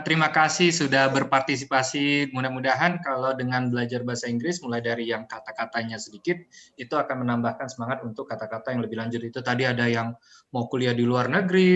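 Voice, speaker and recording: Cheerful man wrapping up the class; quick, bright, echoey room. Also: medium pitch, muffled recording. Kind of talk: closing remarks. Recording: roomy echo.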